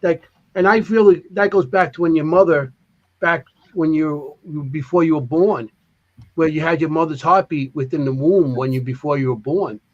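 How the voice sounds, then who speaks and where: A man with a fairly high voice rambling eagerly in a casual podcast chat. He piles up fillers as his ideas run on. The sound is a little dull and muffled. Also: moderate pace. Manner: excited, rambling, full of fillers.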